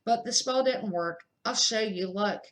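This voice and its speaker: A woman's voice: mid-range voice, measured pace, close to an everyday voice. An older woman voicing Ron, a friendly eleven-year-old boy wizard, in a casual, chatty read-aloud. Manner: casual, chatty reading with small slips.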